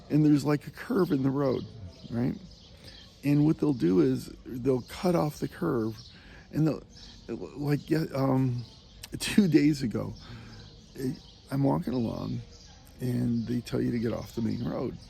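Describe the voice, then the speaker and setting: A man with a gravelly, mellow voice talks through a casual spoken meditation while out on a walking pilgrimage. He rambles and hesitates with plenty of fillers. He chuckles often as he tells his stories. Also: mid-range voice, unhurried, pauses often, a little hiss or hum. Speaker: pilgrim vlogger.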